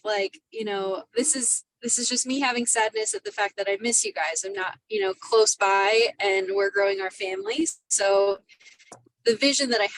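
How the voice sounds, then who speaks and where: Higher-voiced grateful woman participant. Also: no echo. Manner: warm, grateful and thoughtful, with many likes and ums. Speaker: workshop participant. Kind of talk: casual conversation on a video call.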